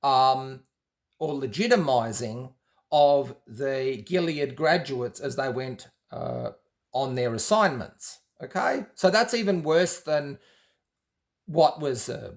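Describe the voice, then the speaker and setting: A man's voice: medium pitch, expressive, slow pace. A man telling a personal story in a loose, rambling way, with many restarts and quoted exchanges. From Australia. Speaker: former Jehovah's Witness telling his story. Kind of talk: casual storytelling monologue.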